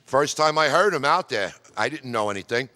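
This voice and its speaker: Telling casual radio stories to his club, this middle-aged amateur radio presenter from New York wanders off on tangents in a bright, forceful, medium-pitched voice. He talks briskly and with animation, and the meeting hall gives him a long, echoing reverb.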